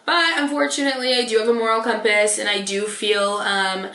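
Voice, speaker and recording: A woman's voice: a little high, fairly even intonation, fairly quick, bright, forceful tone. A young woman in her twenties telling a dating story while doing her makeup, chatty, sassy and swearing freely, saying "like" all the time. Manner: chatty, sassy, profane, heavy use of "like". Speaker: beauty vlogger. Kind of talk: casual story-time chat. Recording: roomy echo.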